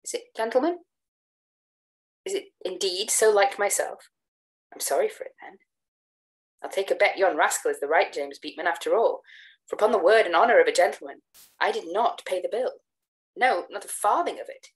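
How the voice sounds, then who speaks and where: Hot-tempered young gentleman as a woman puts him on, loud, high, storybook reading. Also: normal speed, pauses often, natural voice. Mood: incredulous. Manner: loud, high, emphatic outbursts. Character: indignant young Scottish gentleman shouting his claim.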